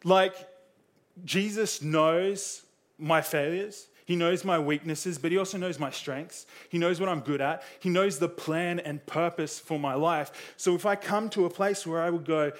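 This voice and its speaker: A man's voice: fairly high pitch, a little slow. A young man preaching a sermon in a casual, conversational way, full of fillers, acting out quotes with a raised voice.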